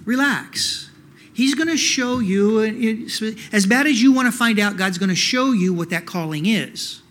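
High-voiced male pastor preaching conversationally. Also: a little slow, a bit bright. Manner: conversational, many "you know" fillers, rhetorical questions. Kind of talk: sermon.

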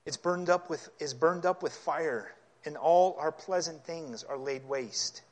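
A man preaching a sermon, reading scripture aloud and explaining it, his delivery growing impassioned until he is nearly yelling. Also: on the high side, a little slow. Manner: impassioned, rising to yelling at times.

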